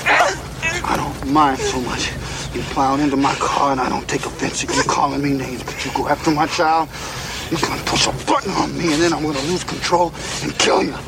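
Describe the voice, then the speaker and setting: A calmly menacing veteran dad. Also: male voice, a little high, a little fast, creaky, very noisy. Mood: cold menace. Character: calm, menacing grown man, a protective war-veteran father. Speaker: film character. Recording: film clip with loud music behind.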